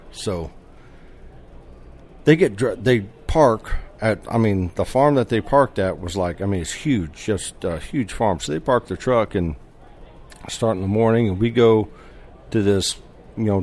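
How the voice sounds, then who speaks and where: A man with a fairly low voice talks casually as a podcast guest. He tells his story with animation and frequent laughter, restarting sentences and voicing the people in it. A faint hiss sits under his voice. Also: darkish tone. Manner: acts out quoted dialogue.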